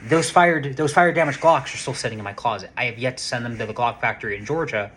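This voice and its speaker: A man talks to camera in a loose, rambling way, often restarting his sentences and throwing in curses for emphasis. His voice has a bright, forward edge, pitched at an ordinary middle height for a man. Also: quick pace, a little hiss or hum. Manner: rambling, restarts often, excited and profane about guns. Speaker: vlogger, casino security worker. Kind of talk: casual storytelling vlog.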